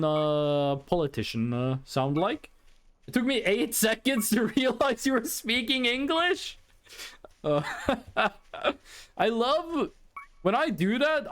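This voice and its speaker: A man's voice: high voice, clear, resonant tone. A man from Norway with a Norwegian accent, chatting casually on a live stream, laughing, swearing and rambling as he reacts to clips.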